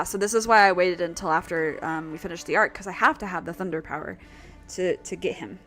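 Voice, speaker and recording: A woman streaming a video game, chatting casually, excitable and cursing when things go wrong. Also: fairly low pitch, moderate pace. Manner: excitable, swears when frustrated. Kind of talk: casual live-stream commentary. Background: game music.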